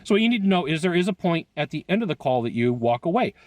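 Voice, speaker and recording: A man talking casually to camera as a sales coach, animated and quick, laughing often and breaking into asides. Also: on the high side, no room sound. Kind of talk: casual video talk to camera. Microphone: headphones on, recorded live.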